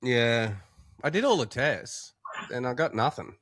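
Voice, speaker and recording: A man's voice: medium pitch, lively intonation, a little slow, a bit bright, no room sound, clean studio sound. An Australian man co-hosting a podcast, sick and coughing, joking and laughing through casual banter. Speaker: podcast co-host. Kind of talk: casual chat.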